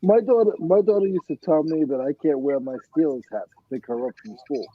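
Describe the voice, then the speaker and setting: A man's voice: a little high, animated, fairly quick, no echo, phone-quality sound. A father chatting casually, telling a story about his daughter. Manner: chatty, anecdotal. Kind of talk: casual storytelling in a group chat.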